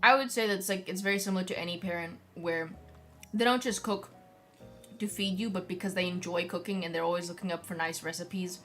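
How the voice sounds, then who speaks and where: A woman's voice: on the low side, steady tone, a little fast, fairly bright tone, faint music behind. A young woman streaming as a vtuber, chatting casually to her viewers and rambling with lots of filler words. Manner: rambling, heavy use of "like" fillers. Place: home streaming setup.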